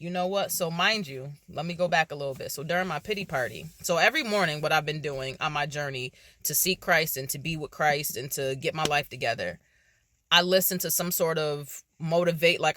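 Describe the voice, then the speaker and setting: A woman vlogger telling a personal faith story in casual, animated speech, acting out her own reactions. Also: sits low, no room sound.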